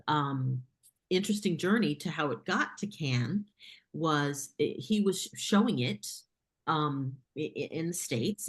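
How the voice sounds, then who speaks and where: A woman with a slightly low voice tells a casual story on an interview podcast. She is animated and chatty, with plenty of fillers. She acts out what people said along the way. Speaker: filmmaker guest.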